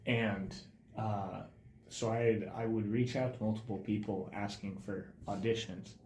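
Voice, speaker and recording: A young man, a film student, telling production stories in a casual podcast chat, animated and growing loud when excited. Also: on the low side, unhurried, slight background noise. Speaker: film student director, guest. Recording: roomy echo.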